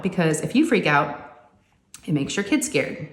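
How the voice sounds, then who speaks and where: A woman, chatting casually and telling animated family stories while she crafts at home. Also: lowish voice, normal speed, reverberant. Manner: chatty, animated, says "y'all" often. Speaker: crafting vlogger and mother.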